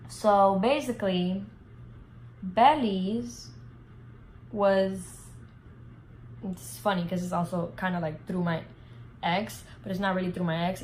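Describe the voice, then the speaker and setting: A woman's voice: medium pitch, a little hiss or hum, poor audio. A young woman vlogger telling a casual storytime, full of fillers and swearing. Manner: animated, heavy filler words, swears freely.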